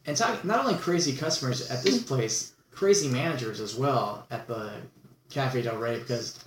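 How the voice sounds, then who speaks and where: A man's voice: medium pitch, animated, normal speed, far from the mic, a little hiss or hum. A man hosting a podcast, chatting casually and prompting his guest to tell his stories. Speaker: podcast host. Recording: echoey room, a bit off-mic.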